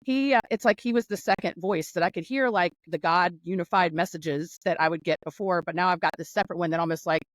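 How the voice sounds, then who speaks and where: A North Carolina woman, a guest in a casual video-call interview, tells a long, rambling story with lots of laughter and quick restarts. Her voice is fairly low, there's no echo, and the audio quality is poor.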